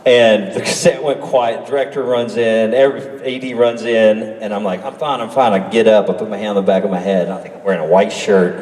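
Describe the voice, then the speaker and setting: Captured at a distance in a big, echoing convention hall, a panelist spins casual stories, voicing other people's lines with animation. His fairly low voice is brisk, with few pauses.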